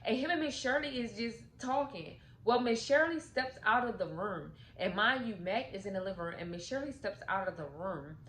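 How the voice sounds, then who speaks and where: A woman's voice: medium pitch, expressive, normal speed, few pauses, fairly bright tone. A woman casually recapping a movie plot in slangy, chatty speech, acting out the characters' lines as she goes. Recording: roomy echo with faint noise.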